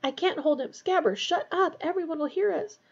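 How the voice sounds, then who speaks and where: A woman's voice: very high-pitched, a little fast, lo-fi sound, voice pushed up. A woman reading aloud voices a hot-tempered teenage boy who hisses and scolds in a panic. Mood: hissing. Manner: hissing, scolding.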